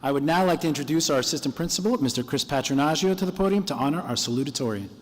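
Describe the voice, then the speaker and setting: A man announcing the speakers at a graduation ceremony in a formal, brisk way. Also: a little high, lively intonation.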